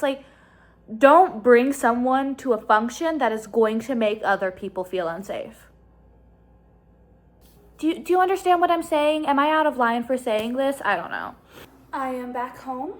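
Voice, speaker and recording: A young vlogger with a slightly high voice tells a storytime into her phone, chatty and exasperated, hurrying through her phrases. She begins while walking outside at night and finishes at home.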